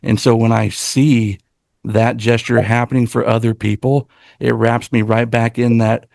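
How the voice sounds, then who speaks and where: A man's voice: medium pitch, little pitch movement, a little slow, gravelly, darkish tone, no room sound, clean studio sound. A man co-hosting a casual roundtable podcast, speaking in an earnest, heartfelt way with frequent restarts.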